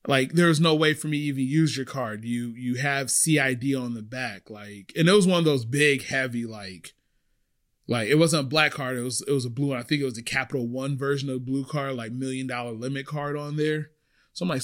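A young man casually telling a story to camera about his time as a restaurant server, chatty and full of fillers, getting louder and higher when worked up. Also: a little fast.

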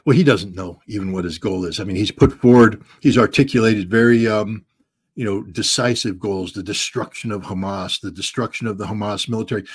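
A man in a mid-pitched voice gives blunt answers in an interview. He keeps doubling up words and dropping in "um"s while he hunts for the next phrase. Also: husky. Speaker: guest commentator.

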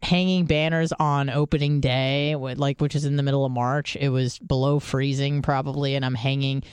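On a dry, close mic with no echo, a female radio co-host chats casually at a normal pace, her voice smooth, clear, level and darkish. Her frank, profane storytelling is full of fillers and restarts, and quoting someone sends her voice much higher.

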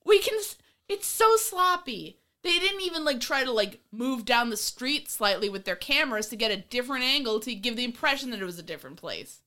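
Woman, podcast co-host, bright tense voice, a little high, exasperated movie rant, swears, mocks. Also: fast, hardly any pauses. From of Irish descent. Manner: animated, exasperated ranting with swearing and mocking voices. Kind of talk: casual movie-review chat.

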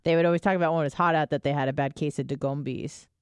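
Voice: mid-range voice, fairly even intonation, racing, clean tone, dry recording, clean studio sound. A podcast co-host trading teasing, curious banter in a casual chat.

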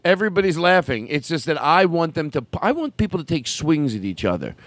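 A man hosting a comedy podcast, laughing often and talking excitedly. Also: on the high side, a little fast. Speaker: podcast host.

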